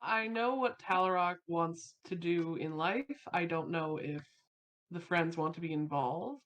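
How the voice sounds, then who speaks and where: A woman playing a tabletop game, calmly reading out a written epilogue for her character. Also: lowish voice, unhurried. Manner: calm, descriptive storytelling. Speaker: player.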